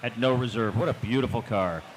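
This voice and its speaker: A man's voice: mid-range voice, rough recording. Man announcing lots over a crowd. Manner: measured, formal reading. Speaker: lot announcer. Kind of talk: read lot description. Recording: loud crowd around the mic.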